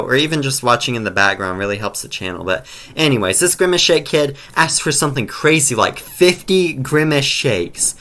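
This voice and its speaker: A man narrating a casual storytime over video game footage in a mid-pitched voice. He rambles loosely, piling on slang and filler words as he goes. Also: fairly bright tone. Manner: rambling slangy delivery full of "like" and "bro".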